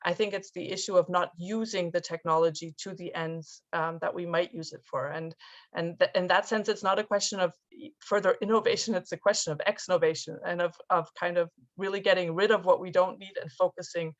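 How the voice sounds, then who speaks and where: A woman's voice: on the low side, steady tone, brisk. A woman speaking on a panel discussion, thoughtful and often restarting her sentences. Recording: dull lo-fi call audio.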